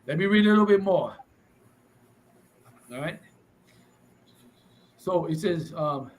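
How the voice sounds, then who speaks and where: A man teaching a class, reading passages aloud and restating them forcefully in English and Spanish. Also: high-pitched, animated, measured pace, pauses often, rough recording. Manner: preachy, reads text aloud and restates it, switches between English and Spanish.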